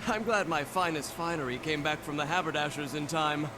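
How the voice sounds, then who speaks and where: A man's voice: a little high, a little fast, noisy background, lightly acted. An actor playing a vain, flirtatious nobleman with a pompous, florid way of talking.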